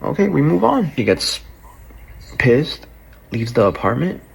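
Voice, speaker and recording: Here a medium-pitched, husky man with vocal fry takes his time telling how he was broken up with. He swears freely, gets animated, and performs the lines people said to him, all on a low-quality recording.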